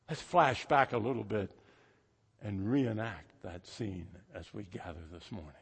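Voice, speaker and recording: A pastor in his sixties preaching a sermon, telling stories with sudden swings between loud and soft. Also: on the low side, expressive, a little slow, creaky, slightly rough. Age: 60s. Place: church sanctuary. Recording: echoey church hall.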